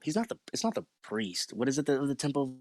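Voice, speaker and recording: A man's voice: medium pitch, very animated, fast talker, darkish tone, dry recording. A young man in casual podcast chat, hesitating as he searches for words. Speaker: podcast co-host.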